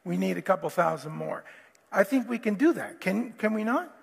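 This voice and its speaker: A man preaching a sermon as pastor, animated and prone to restarts, acting out quotes from the story. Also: high voice, moderate pace, gravelly, noisy background. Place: church hall. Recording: long hall reverb, faint guitar.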